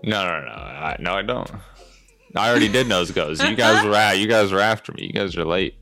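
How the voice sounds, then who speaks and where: A deep-voiced man with a bright edge recaps a movie on a casual podcast, hesitating with plenty of fillers. Faint music sits underneath. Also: lively intonation, fairly quick, gravelly. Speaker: podcast co-host. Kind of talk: casual chat.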